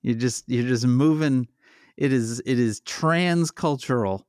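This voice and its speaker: A man's voice: medium pitch, unhurried, darkish tone, clean tone, no room sound, clean studio sound. A man co-hosting a podcast, teasing and playful in casual chat. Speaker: podcast co-host.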